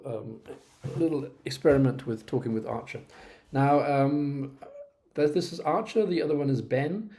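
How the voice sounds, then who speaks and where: A man presenting a software tutorial to teachers, talking casually with frequent hesitations. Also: mid-range voice. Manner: relaxed, hesitant, many ums. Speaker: teacher-trainer presenting a platform. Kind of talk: casual screen-recorded tutorial.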